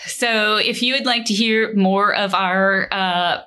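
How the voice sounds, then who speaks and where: A female podcast co-host reading out sign-off details in casual chat. She speaks slowly and unhurriedly, with a bright, forward tone. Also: mid-range voice, steady tone, smooth.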